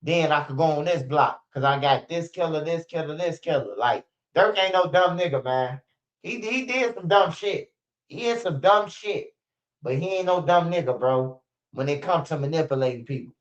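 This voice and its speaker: A man's voice: on the high side, expressive, moderate pace. A young man ranting casually to his viewers on a stream, with loose, profane street slang and lots of repetition. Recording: dull lo-fi stream audio.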